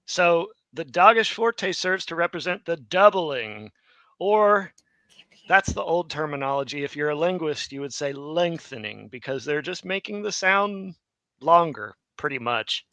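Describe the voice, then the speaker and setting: Tired man teaching with bright, dry voice. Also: a little high, animated, a little slow, no echo, low-quality recording. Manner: rambling, self-correcting explanations. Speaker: Hebrew teacher and stream host. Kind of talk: live online lesson. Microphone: streaming mic.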